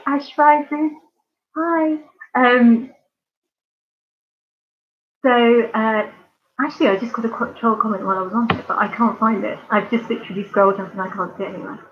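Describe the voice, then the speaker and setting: Over tinny, narrow audio comes a slightly high female voice with a southern English accent. She's an art channel host from near London, chatting casually on a live stream and rambling with frequent ums and giggles.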